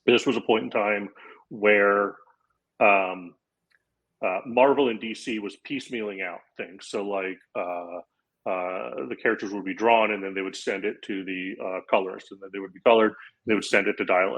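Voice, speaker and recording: A man's voice: on the low side, low-quality recording. A man in his forties from Florida, a comedian guest on a podcast, telling a long anecdote and acting out quotes in casual chat. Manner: animated anecdote-telling with acted-out quotes and laughs.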